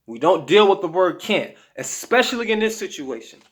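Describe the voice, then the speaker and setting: Male health vlogger, slightly high voice, emphatic and slangy, talking straight to camera. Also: sing-song, moderate pace. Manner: emphatic, slangy, repeats "okay?" to check in. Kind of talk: casual motivational talk to camera.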